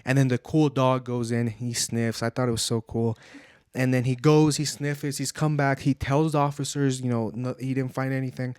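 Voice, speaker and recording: A man's voice: medium pitch, moderate pace, smooth, dry recording. Young male podcast co-host, casual storyteller, slips in Spanish, dry close recording. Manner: animated, heavy use of "like", drops Spanish phrases. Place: home podcast setup.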